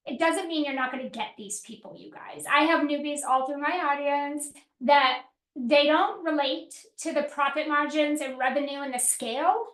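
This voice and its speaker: A middle-aged woman business coach teaching a workshop in a direct, energetic way, asking her audience questions and acting out what her clients say. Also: high voice, roomy sound.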